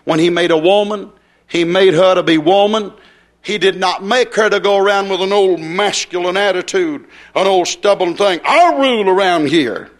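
A man's voice: sits high, steady tone, moderate pace. A man preaching a fiery, folksy revival sermon.

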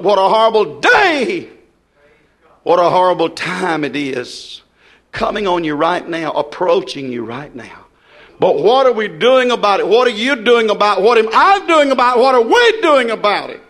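Older man preaching fervently, high and swooping. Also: animated, normal speed. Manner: shouting, rising and dropping sharply in fervent preaching. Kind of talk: fiery revival sermon.

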